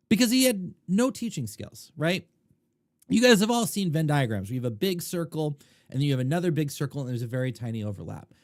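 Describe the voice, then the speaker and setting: Lively, animated man telling a story. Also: on the high side, a little fast, no echo, studio quality. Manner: animated, conversational, swings loud and quiet. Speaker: podcast host, poker coach. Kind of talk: casual storytelling monologue.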